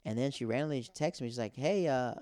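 A man's voice: mid-range voice, quick pace, mellow, no room sound. Young male comic host, loose rambling monologue, dry close mic. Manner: rambling, conversational, filler-heavy. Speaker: podcast host and stand-up comic. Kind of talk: casual monologue.

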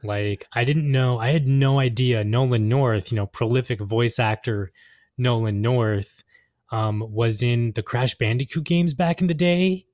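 A man's voice: mid-range voice, a little slow, darkish tone, no room sound, clean studio sound. A man co-hosting a podcast, talking in a rambling, agreeable way with lots of fillers. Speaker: podcast co-host. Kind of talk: casual podcast chat.

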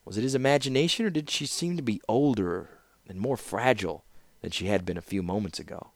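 Guy reading fantasy audiobook, lowish voice, dead dry sound. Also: a little fast, dry recording. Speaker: fan audiobook reader. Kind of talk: audiobook narration.

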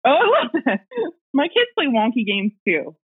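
A woman's voice: high voice, sing-song, slow pace, breathy edge. A woman guest casually telling a personal ghost story, rambling with fillers and little laughs, heard over a remote call. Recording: tinny phone-line audio.

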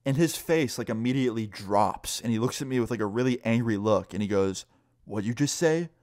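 A man's voice: fairly low pitch, a little fast, a little mellow, no room sound, studio quality. A young man casually telling a story, rambling with lots of "like" and swearing freely. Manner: loose, profane, full of "like".

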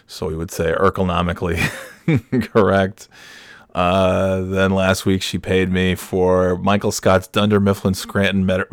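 A man's voice: low voice, no echo. A man in his forties hosting a podcast, telling a rambling story and often chuckling at himself. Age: 40s. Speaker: podcast host. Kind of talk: casual storytelling.

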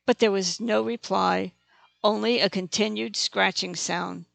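Gravelly, dry audiobook narrator. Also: medium pitch, steady tone, a little slow, fairly bright tone, dry recording. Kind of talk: scripted narration.

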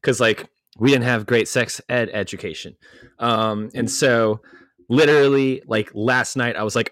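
A man's voice: mid-range voice, steady tone, a little slow, fairly bright tone, no room sound, studio quality. A man co-hosting a film podcast, speaking conversationally with frequent fillers. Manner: conversational, many fillers, laughs easily. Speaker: podcast co-host. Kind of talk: casual film-review chat.

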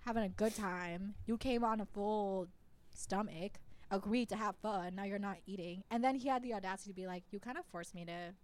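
A young woman telling a dating story in casual, profane chat, swinging from mumbles into loud outbursts. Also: mid-range voice, fairly quick. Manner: animated, profane, big swings into shouting.

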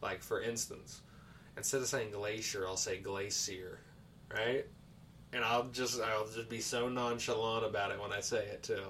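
A man's voice: on the low side, fairly even intonation, moderate pace, a bit bright. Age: adult. Sex: man. Origin: United States. Style: crude, joking podcast banter. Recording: distant mic, faint hiss. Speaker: podcast co-host. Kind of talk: casual chat.

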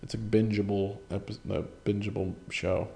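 A man with a fairly low, gravelly voice chats on his own podcast. His tone is dark and relaxed as he rambles, swears freely and pokes fun at himself. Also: moderate pace. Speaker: podcast host. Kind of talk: casual solo podcast chat.

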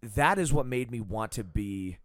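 A man's voice: medium pitch, expressive, measured pace, dry recording, studio quality. A young man hosting a casual podcast, reviewing songs in a laid-back way and swearing freely. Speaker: podcast host. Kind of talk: casual chat reviewing an album.

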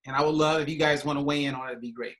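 A man hosting a podcast, telling a lively anecdote in casual chat and often repeating words as he goes. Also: on the high side, very fast. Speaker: podcast host.

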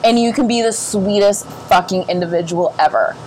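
A woman's voice: mid-range voice, moderate pace, a little mellow, slight background noise. A woman in her twenties co-hosting a podcast, swearing constantly and ranting heatedly in casual chat. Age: 20s. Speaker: podcast co-host.

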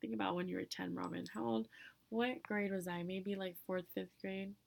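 A young woman talking to her own recorder in a casual, profane monologue, blunt and ranting, with loud bursts of indignation and breathy whispered asides. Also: mid-range voice, level tone, normal speed, a little hiss or hum. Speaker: solo vlogger answering question prompts. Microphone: own recorder close by.

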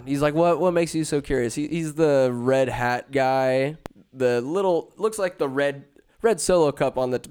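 A man's voice: mid-range voice, creaky, darkish tone, smooth. A man casually retelling a movie plot, rambling and joking with profane, slangy asides. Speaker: film recapper.

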